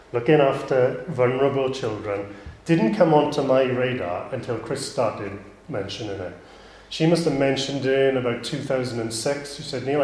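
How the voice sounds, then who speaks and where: A man's voice: medium pitch, darkish tone. A man preaching a sermon in a plain, conversational way, with asides and restarts. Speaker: pastor. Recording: echoey room.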